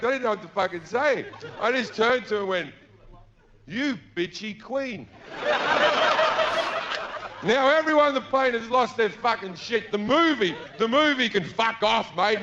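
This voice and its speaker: A man's voice: high voice, animated, moderate pace. Crude Australian man telling a stand-up story. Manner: crude, profane, acts out the people in his story. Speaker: stand-up comedian. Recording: dull lo-fi live recording with noise.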